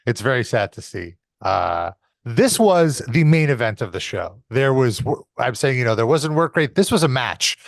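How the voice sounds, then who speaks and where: A man's voice: medium pitch, very animated, normal speed, vocal fry, dry recording, clean studio sound. A man hosting a casual podcast, recapping an old episode in an explanatory way, with frequent fillers and some somber asides. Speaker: podcast host reviewing wrestling episodes.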